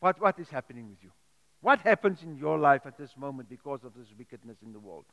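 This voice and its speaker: A man's voice: medium pitch, animated, fast talker, fairly bright tone. A man preaching a sermon, earnest and pleading, often repeating and restarting his words. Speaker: pastor. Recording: echoey hall with long reverb.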